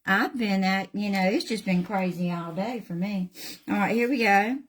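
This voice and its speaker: A middle-aged woman with a Southern US accent hosts a live craft tutorial, painting as she chats folksily with viewers. Her voice is mid-range and her pace moderate.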